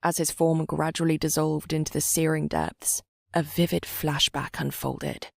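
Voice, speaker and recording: A woman reading a fantasy audiobook in measured, dramatic scripted narration. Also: low-pitched, fairly even intonation, vocal fry, no echo, clean studio sound.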